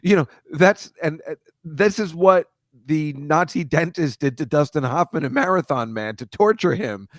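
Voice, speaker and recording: A man's voice: on the high side, dry recording. A man co-hosting a casual live-stream chat, telling rambling, self-deprecating stories and cracking jokes. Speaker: podcast regular co-host.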